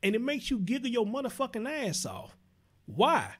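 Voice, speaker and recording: Brief: male call-in host, high-pitched, blunt, profane. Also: big pitch swings, moderate pace, crowd noise. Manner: blunt, profane, laughs loudly. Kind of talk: casual call-in radio talk.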